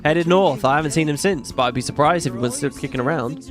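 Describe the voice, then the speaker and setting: A man's voice: on the high side, fast talker, music in the background, natural voice. A man reading the lines of a dry, matter-of-fact pirate crewman in a video game. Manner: reading a role aloud, casual.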